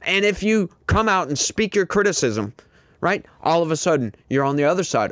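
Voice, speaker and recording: A man's voice: fairly high pitch, expressive, moderate pace, no echo, clean studio sound. A man delivering indignant, emphatic political commentary and repeating his points to his audience.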